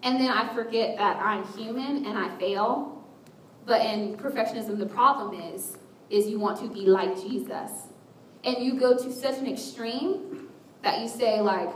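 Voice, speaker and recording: A woman with a slightly high voice giving a frank, self-deprecating testimony to a church audience, slipping into little acted-out inner voices. She sounds set back from the mic in a roomy, echoing space, with a faint rumble underneath. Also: moderate pace, fairly bright tone. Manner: candid, self-mocking, acts out inner voices. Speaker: speaker sharing a personal testimony. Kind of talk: candid testimony talk to a church group. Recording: roomy echo with a faint rumble, voice picked up from a distance.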